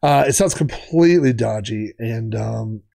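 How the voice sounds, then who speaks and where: A man telling stories on a retro gaming vlog in a chatty, rambling way, wandering off on tangents as he talks. His voice sits at an average male pitch. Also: unhurried, vocal fry, dark tone. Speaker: retro gaming channel host. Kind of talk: casual storytelling vlog.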